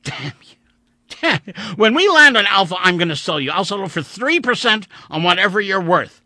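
A man voicing a desperate, furious male spacefarer who shouts and pleads in a high, strained voice. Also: sing-song, normal speed, slightly rough, dry recording, full character voice. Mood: angry.

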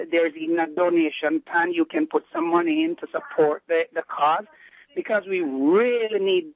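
Male radio caller, high-pitched, earnest and halting, heard through a tinny phone line. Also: no room sound. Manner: halting, earnest, searching for words. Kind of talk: phone-in call. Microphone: telephone.

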